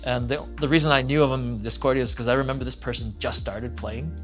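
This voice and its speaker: A man's voice: mid-range voice, fairly even intonation, quick pace, fairly bright tone, soft background music. A man co-hosting a casual chat podcast, explaining things step by step with many "um" fillers. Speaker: podcast co-host.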